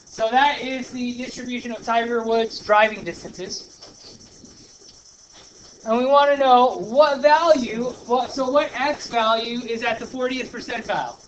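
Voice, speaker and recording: A male teacher working through a problem step by step in a classroom lesson, chatty and thinking out loud. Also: very high voice, measured pace, lo-fi sound. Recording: noisy classroom recording.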